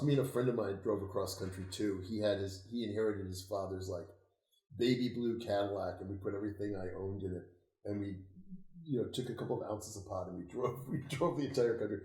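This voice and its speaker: An older man being interviewed about his life, telling stories in a lively way, laughing and swearing freely. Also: lowish voice, fairly quick. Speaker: interview guest, occultist author. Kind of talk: casual storytelling conversation. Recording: roomy echo.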